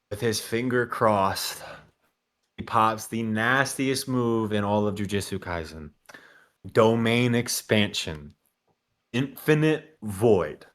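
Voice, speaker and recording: A man co-hosting a casual recap show, talking animatedly and acting out character lines. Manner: animated, acts out character lines in a high shouting voice. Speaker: podcast co-host.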